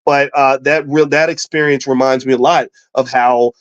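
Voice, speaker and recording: Male host from Kentucky, casual money talk, animated delivery, close dry mic. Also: mid-range voice, moderate pace, dry recording. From Louisville, Kentucky. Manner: animated, repeats words and restarts, acts out quotes. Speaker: finance show host. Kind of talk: casual storytelling with money advice. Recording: dull, slightly lo-fi dry sound.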